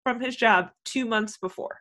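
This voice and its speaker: A woman's voice: a little high, normal speed, fairly bright tone. A woman co-hosting a casual movie podcast, laughing often and adding wry asides. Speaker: podcast co-host.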